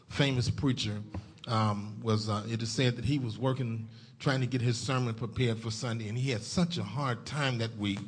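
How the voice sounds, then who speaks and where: A guest preacher with a mid-range voice delivers a folksy sermon in a church. He begins softly and builds up to loud exhortation.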